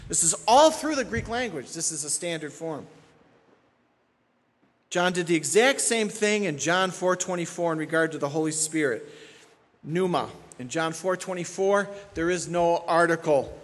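Emphatic pastor in a reverberant hall. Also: male voice, fairly high pitch, lively intonation, normal speed. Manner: emphatic, repeats key points for stress. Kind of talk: expository sermon.

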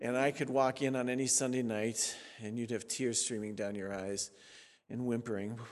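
A man in his sixties preaching a sermon as a pastor in an animated, sarcastic, conversational way. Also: mid-range voice, moderate pace. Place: church sanctuary. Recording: reverberant church sanctuary.

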